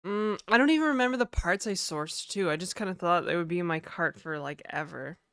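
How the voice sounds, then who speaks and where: A woman's voice: on the low side, lively intonation, a little fast, fairly bright tone, clear, resonant tone, no room sound, clean studio sound. A woman streamer chatting casually to her viewers live, venting and swearing a lot.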